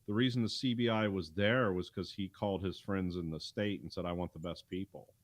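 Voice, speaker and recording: Low-voiced man in casual podcast chat. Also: brisk, dry recording. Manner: rambling, conversational, with frequent fillers. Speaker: podcast co-host. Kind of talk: casual chat recapping a TV episode.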